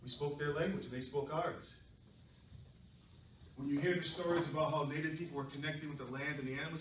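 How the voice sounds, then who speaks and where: A man's voice: on the high side, brisk, pauses often, slight background noise. Playful man telling stories to kids. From southern New England. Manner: animated, playful, many fillers. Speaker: storyteller. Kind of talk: live storytelling to children. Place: library event room. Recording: echoey room from far off.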